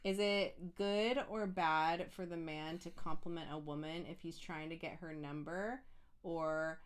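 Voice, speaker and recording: A woman's voice: deep voice, fairly even intonation, clean tone. Blunt, emphatic woman co-host. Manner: blunt, emphatic, quick to jump in. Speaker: podcast co-host. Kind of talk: casual relationship chat.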